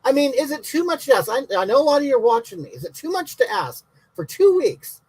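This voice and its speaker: A man's voice: very high voice, very animated, fast talker, darkish tone, no echo, poor audio. A man playing a brash, bigoted elderly woman who answers viewers' comments in a comic livestream, talking in blunt, indignant, rambling rants.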